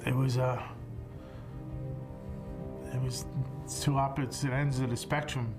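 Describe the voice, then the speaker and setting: Reflective firefighter in an interview. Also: male voice, medium pitch, little pitch movement, slow. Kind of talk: documentary interview recollection. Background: music.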